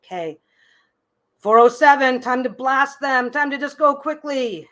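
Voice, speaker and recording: A woman with a slightly high voice, a little above usual pitch and fairly bright in tone, hosts a live tarot stream at a slightly slow pace. Chatty and loose, she stumbles, restarts and repeats phrases while thinking aloud before settling into reassuring advice.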